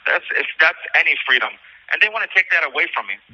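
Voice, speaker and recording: A man's voice: on the high side, very animated, quick pace, husky. A man speaking from jail over a phone call, agitated and rambling, swearing as he tells his account. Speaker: jail inmate on a recorded call. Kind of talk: emotional personal account.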